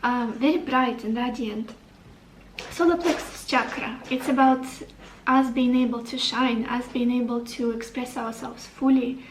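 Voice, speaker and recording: A woman's voice: a little high, steady tone, measured pace, reverberant, recorded from a distance, slight background noise, rough recording. A woman giving a tarot reading to the camera, upbeat and encouraging, thinking aloud as she turns over cards. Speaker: tarot reader.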